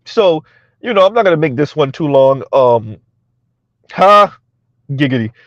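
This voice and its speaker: High-voiced blunt man lecturing. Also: animated, unhurried, no echo. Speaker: commentary channel host. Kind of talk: casual social media commentary. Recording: dry, dull lo-fi sound.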